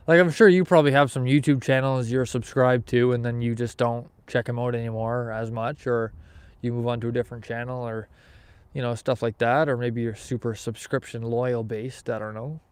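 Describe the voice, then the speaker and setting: A man's voice: mid-range voice, smooth, dry recording. Laid-back man chatting on a live fishing stream. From Canada. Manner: easygoing, chatty, rambling with restarts. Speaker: fishing livestream host. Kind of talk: casual livestream chat, reading viewer comments aloud. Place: outdoors, fishing in snow.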